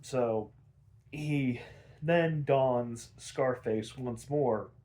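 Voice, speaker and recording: A man's voice: medium pitch, drawn-out words, warm tone. A man hosting a casual episode recap who rambles with fillers and restarts, swears casually, and says he is tired. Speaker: podcast host.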